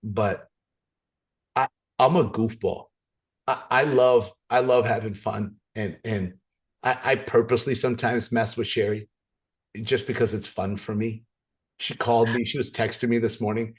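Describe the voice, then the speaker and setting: A man leading a motivational business training on a video call, talking with playful, energetic storytelling and frequent restarts. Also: medium pitch.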